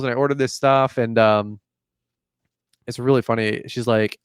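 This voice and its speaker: Young guy hosting a podcast, chatty and animated, smooth voice, dry sound. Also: mid-range voice, normal speed, dry recording. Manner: animated storyteller, acts out dialogue, says "like" often. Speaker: podcast host. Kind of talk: casual chat.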